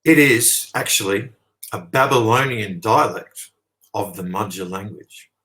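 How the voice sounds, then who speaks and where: A lowish, grounded male voice with an Australian accent, holding forth at length as a guest. He drives his points home with stress on key words and keeps pausing to ask "okay?" before pressing on. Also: a bit bright, poor audio. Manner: emphatic, checks in with "okay?", leans on "sort of". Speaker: interview guest. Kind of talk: long explanatory monologue.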